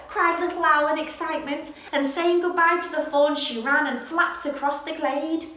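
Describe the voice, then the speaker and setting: A woman hosting a children's story corner, reading a bedtime story with expressive, animated narration. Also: high-pitched, normal speed, few pauses. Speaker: storyteller host. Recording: very echoey room.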